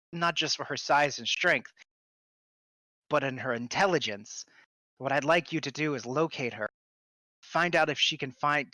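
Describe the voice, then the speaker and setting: A man's voice: mid-range voice, pushed and bright, dry recording, lightly acted. A man voicing a pompous, fussy aristocrat patron in a tabletop game. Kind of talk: tabletop role-play voicing.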